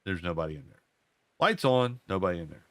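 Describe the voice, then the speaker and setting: A man's voice: low voice, animated, fast talker, fairly bright tone, dry recording. An older man, rambling folksy storytelling while he plays a game at home. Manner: rambling, repeats himself, folksy. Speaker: gaming channel host. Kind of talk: casual storytelling over gameplay.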